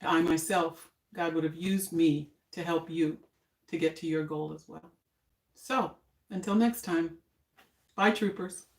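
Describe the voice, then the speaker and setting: A woman's voice: low voice, steady tone, unhurried, darkish tone. An older woman hosts a casual cooking live stream, chatty and homey, sometimes talking with her mouth full. Her voice sits mid-range and rings in an echoey kitchen with a little noise behind. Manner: chatty, homey, talks while eating. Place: home kitchen.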